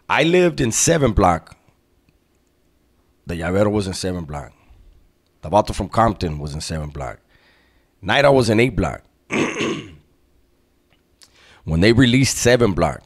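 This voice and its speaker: A very low-pitched man, telling a story in relaxed, slangy street talk. He clears his throat often and checks in with a "right?" as he goes. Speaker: storyteller recounting prison life. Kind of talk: casual storytelling.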